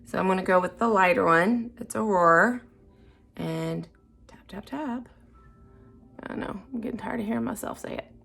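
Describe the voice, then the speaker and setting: A woman filming her first makeup tutorial, chatting casually and unsure of herself, dropping into soft murmurs while she concentrates on the brush work. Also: mid-range voice, normal speed, vocal fry, pauses often, faint music behind. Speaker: beginner makeup vlogger.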